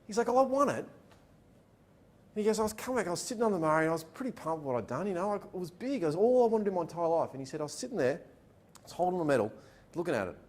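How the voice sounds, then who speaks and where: A man giving a motivational talk, acting out the people in his stories. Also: rapid-fire. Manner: animated, acts out dialogue in his stories. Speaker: motivational speaker. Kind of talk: storytelling keynote talk. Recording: echoey room with faint rumble.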